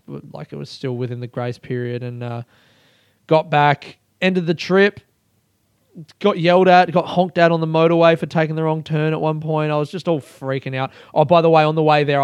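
A man telling a personal story in a casual monologue. He talks in an animated way, swears freely and laughs often. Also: medium pitch, clean tone, dry recording. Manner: animated and profane, with frequent laughter. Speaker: solo storyteller.

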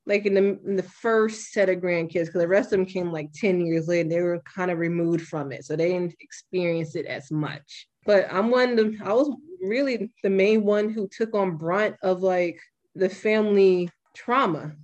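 A young woman hosting a podcast, talking bluntly and with plenty of swearing in a casual, animated way. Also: on the low side, moderate pace, dull audio. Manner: blunt and profane, animated retelling. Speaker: podcast host.

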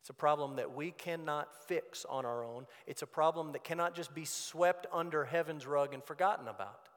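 A man's voice: on the high side, moderate pace, fairly bright tone. Earnest preaching man in a reverberant hall. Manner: earnest, conversational preaching with acted quotes. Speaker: pastor. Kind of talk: sermon. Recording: long church hall reverb.

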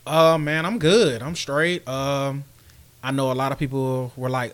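A man's voice: medium pitch, fairly even intonation, a little slow. A man co-hosting a casual sports podcast, with laid-back, teasing banter. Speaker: podcast co-host.

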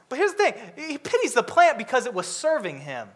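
A man preaching a sermon, lively and humorous, acting out characters with comic voices. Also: very high-pitched, a little fast, few pauses.

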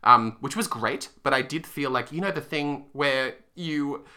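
A man's voice: mid-range voice, a little slow, bright, forceful tone, smooth. A man co-hosting a theatre podcast, chatting casually and rambling with frequent laughs and self-deprecating asides. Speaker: podcast co-host. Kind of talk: casual theatre review chat.

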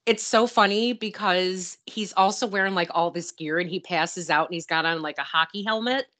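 A woman's voice: fairly low pitch, normal speed, fairly bright tone. A woman co-hosting a podcast, chatting casually about a film, giggly and jumping in with jokes. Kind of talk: casual movie recap.

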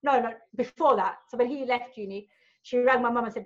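A woman's voice: on the high side, fairly quick, muffled recording. A woman telling personal stories as a podcast guest, frank and sweary, tagging lines with right and you know. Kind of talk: candid storytelling in a podcast chat.

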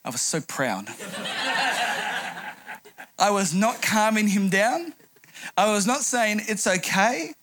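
A man's voice: high voice, fairly bright tone. A middle-aged man preaching a sermon, telling a humorous anecdote as a pastor.

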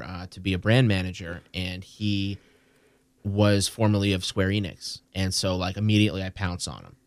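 A man hosting a casual gaming podcast, telling stories in a rambling, animated way with many restarts. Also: deep voice, dry recording. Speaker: podcast host.

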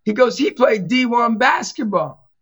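High, bright-voiced man telling animated stories. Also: a little slow, husky, muffled recording. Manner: animated, acts out quoted voices in his stories. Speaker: Catholic evangelist and youth basketball coach. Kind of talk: casual storytelling in a podcast chat.

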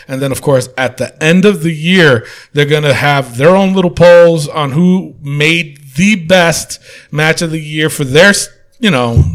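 A man hosting a casual podcast chat, laid-back and joking, swearing freely. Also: on the high side. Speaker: podcast host.

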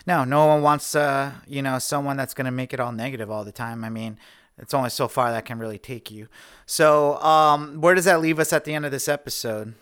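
A man co-hosting a relaxed show recap who rambles along with plenty of fillers. His voice is smooth and resonant. The sound is dry and close. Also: mid-range voice, a little fast, no room sound. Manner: rambling, many fillers like "you know" and "uh". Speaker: podcast co-host. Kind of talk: casual chat recapping a reality show.

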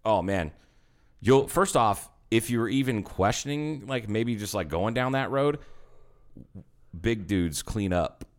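A man in his thirties, a bartender hosting a casual podcast, telling animated, profane stories and acting out the people in them. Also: fairly low pitch, slow pace. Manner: animated storyteller, swears a lot, acts out quotes.

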